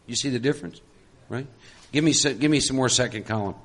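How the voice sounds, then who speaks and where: A man leading a group workshop, animated and coaxing, often breaking into laughs. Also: mid-range voice, fast. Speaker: workshop leader. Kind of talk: lively group workshop talk.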